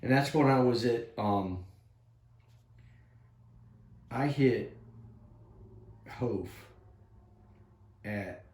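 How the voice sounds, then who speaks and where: A man's voice: medium pitch, extremely slow, pauses often. A man in his fifties, an army veteran, telling war stories in a casual, rambling way, swearing heavily and acting out what people said. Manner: profane, rambling, acts out quotes loudly. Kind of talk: casual storytelling chat. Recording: roomy echo.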